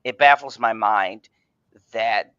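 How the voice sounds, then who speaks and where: A man's voice: lowish voice, takes it slowly, pushed and bright, clear, resonant tone, dry recording. A man hosting an online fan podcast, ranting angrily with heavy profanity and stammered restarts. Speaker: podcast host. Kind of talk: ranting casual chat. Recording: dull, dry home mic sound.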